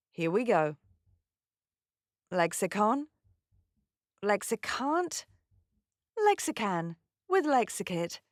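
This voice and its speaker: A woman with a fairly high, very lively voice teaches pronunciation in a scripted lesson. She enunciates each word clearly and carefully. The recording is dry and close, with no room sound. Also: dry recording.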